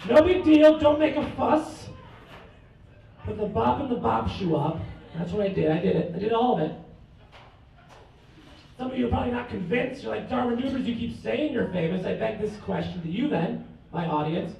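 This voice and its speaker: A man's voice: sits high, moderate pace, creaky, long pauses, darkish tone, slight background noise. A man doing a stand-up comedy set in a bar, with cocky, mock-boastful bragging. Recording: echoey room from far off.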